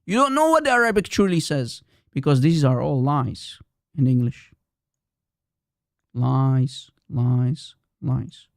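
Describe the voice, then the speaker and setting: A man's voice: mid-range voice, animated, slow, vocal fry, no echo, studio quality. A man hosting a live stream, arguing in a combative, repetitive way and firing challenges at his audience. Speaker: livestream host. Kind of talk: heated live-stream polemic.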